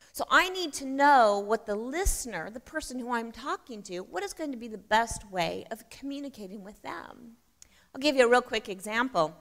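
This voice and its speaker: A woman with a mid-range, slightly bright voice speaks at a church conference, keeping it conversational and frequently questioning the audience. The church hall gives the recording a long reverb.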